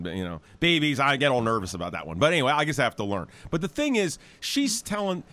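A man who hosts a talk show and works as a naturopath, chatting casually in an animated, rambling way with many restarts. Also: mid-range voice.

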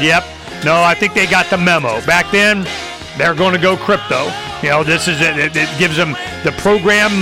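A male podcast host chatting casually, animated and riffing with exclamations. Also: sits high. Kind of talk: casual chat.

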